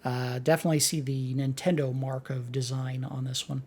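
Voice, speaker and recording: A woman's voice: extremely low pitch, level tone, normal speed, mellow, slightly rough. A woman hosting a let's play, commenting on an old game with joking, sarcastic asides. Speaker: host. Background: game music.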